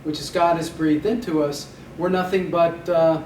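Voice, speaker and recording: A man's voice: fairly high pitch, steady tone, normal speed, a little mellow. A man teaching Hebrew vocabulary in a recorded lecture, repeating each word for drilling and slipping in dry puns. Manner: dry punning humor, drills words by repeating them. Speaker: Hebrew instructor. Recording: echoey room, mic at a distance, faint background noise.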